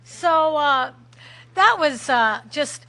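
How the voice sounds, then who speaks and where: A middle-aged woman telling a lively personal story at a recovery meeting, laughing often and acting out shouts. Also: sits high, very slow, creaky. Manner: animated, laughing, acts out shouted quotes.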